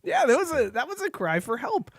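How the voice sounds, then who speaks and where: A man's voice: very high-pitched, huge pitch swings, a little fast, no room sound. A man co-hosting a sports podcast, leading the segments with casual chat and frequent laughter. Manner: laughs often, leads segments. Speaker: podcast co-host.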